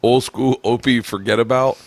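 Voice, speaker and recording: A man hosting a podcast, chatting in an animated, profane way and laughing often. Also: mid-range voice, normal speed, dry recording. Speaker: podcast host. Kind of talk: casual podcast chat. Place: home podcast room.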